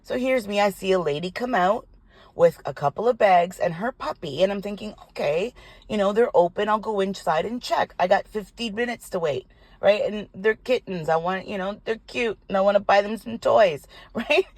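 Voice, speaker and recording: A woman's voice: medium pitch, normal speed, no room sound. Indignant older woman telling a story. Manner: animated, indignant storytelling with swearing. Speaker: tarot reader. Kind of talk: casual storytelling vlog. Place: parked car.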